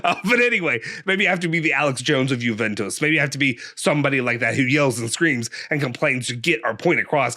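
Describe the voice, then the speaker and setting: A man's voice: fairly high pitch, pushed and bright. A man hosting a football fan channel, giving a frustrated, angry match reaction rant full of rhetorical questions.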